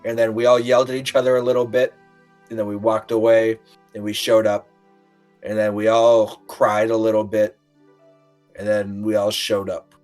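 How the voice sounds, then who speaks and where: A man's voice: fairly low pitch, little pitch movement, darkish tone. Rambling man with faint music. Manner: rambling, halting with fillers, acts out quotes. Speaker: player recapping the last session. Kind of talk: casual tabletop recap.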